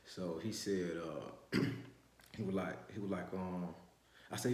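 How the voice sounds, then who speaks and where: A man's voice: sits low, slow, long pauses, darkish tone. A man, telling a story from his youth in rambling street slang, with many restarts. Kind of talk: casual first-person storytelling. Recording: roomy echo.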